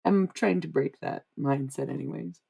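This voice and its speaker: A woman's voice: low voice, normal speed, creaky, mellow, slightly rough. A young woman livestreaming, chatting casually and giving psychic readings, rambling and repeating herself with frequent laughs. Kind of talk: casual live-stream chat.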